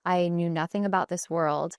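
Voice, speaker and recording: A woman hosting a podcast, chatting in a relaxed, casual way with frequent "like" fillers. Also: fairly low pitch, moderate pace, smooth, dry recording, clean studio sound. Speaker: podcast host.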